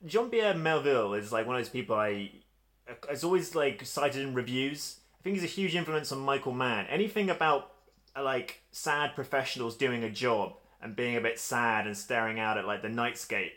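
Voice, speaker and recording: A man's voice: mid-range voice, lively intonation, normal speed, a bit bright. A man with a mid-range voice chats casually as a podcast co-host. He talks in a wry, opinionated way, with the easy rhythm of conversation between friends. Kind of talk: casual chat.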